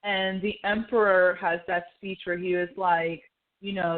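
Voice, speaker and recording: A woman's voice: fairly low pitch, fairly even intonation, unhurried. Gushing woman on a tinny line. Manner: gushing, emotional, lots of fillers and acted quotes. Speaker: podcast co-host. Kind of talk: casual podcast chat. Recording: tinny phone-like audio.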